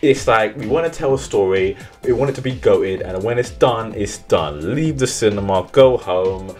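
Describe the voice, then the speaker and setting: A man's voice: on the low side, lively intonation, moderate pace, a little mellow, faint music behind. A young man recapping a film in casual, rambling commentary, swearing and mocking himself. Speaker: movie reviewer.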